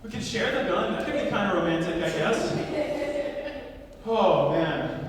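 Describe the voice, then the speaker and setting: A man from Louisiana hosting a comedy show, telling a crude story in a lively stand-up manner. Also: fairly high pitch, measured pace, slight background noise. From Louisiana, US South. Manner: lively, crude, swings from quiet to loud. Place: comedy club. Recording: echoey club, mic far off.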